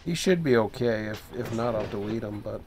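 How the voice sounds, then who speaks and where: A man giving casual, thinking-aloud commentary while playing a train dispatching game, low-key and a bit sleepy. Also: a little fast, a little mellow, a little hiss or hum. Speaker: streamer.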